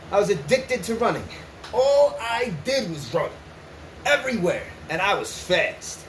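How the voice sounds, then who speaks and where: Male vlogger, very high voice, roomy sound; rambling, swearing, chatty. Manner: profane, rambling, keeps asking "right?"; breaks into laughs. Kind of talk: casual storytelling to viewers. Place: indoors, riding an exercise bike. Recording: roomy echo with faint noise.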